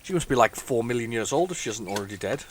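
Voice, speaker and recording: Here a fast-talking man with a mid-range voice and lively intonation gives casual running commentary for a retro computing video. He rambles and thinks aloud, restarts often and makes wry self-mocking asides, with a little hiss or hum in the background.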